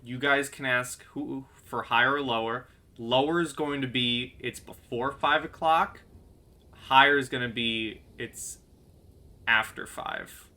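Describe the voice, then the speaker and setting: A man's voice: medium pitch, fairly even intonation, measured pace, bright, forceful tone. A man running a tabletop role-playing game as game master, talking with hesitant fillers and restarts. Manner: hesitant, many ums and restarts.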